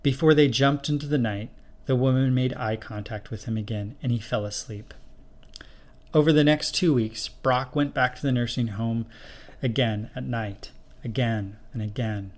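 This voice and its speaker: A man narrating a spooky short story in a steady, measured reading voice. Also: medium pitch.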